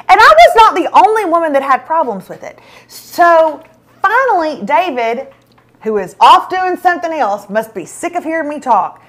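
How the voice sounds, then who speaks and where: A woman's voice: high-pitched, sing-song, normal speed, fairly bright tone. A middle-aged woman, hosting a show and telling a self-mocking story in casual chat. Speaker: show host.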